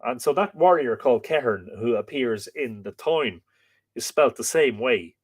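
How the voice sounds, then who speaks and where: A man's voice: mid-range voice, animated, breathy edge. Irish man reading history on a live stream. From Ireland. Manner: reads slowly, stops to chat with viewers and spell out words.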